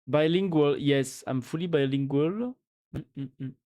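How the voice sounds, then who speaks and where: A man's voice: a little high, slow, mellow. A man with a French accent chatting casually and joking while he codes on a live stream. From France. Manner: joking, musing aloud, full of restarts.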